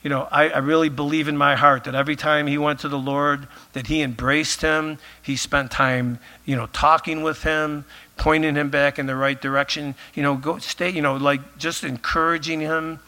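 Guy pastor preaching, bright voice, chatty and loose, kinda going hoarse. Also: fairly high pitch, little pitch movement, normal speed, hardly any pauses. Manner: conversational, many filler phrases. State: losing his voice. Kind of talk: sermon.

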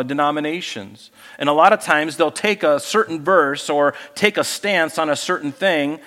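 A man preaching a sermon as pastor, lively and animated, acting out people he quotes. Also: big-room sound. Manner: animated, acts out quoted people in higher voices.

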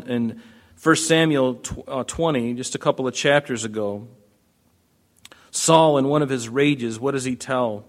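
Male pastor preaching casually, asks the crowd questions, middle pitch. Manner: conversational, asks the congregation questions. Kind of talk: sermon.

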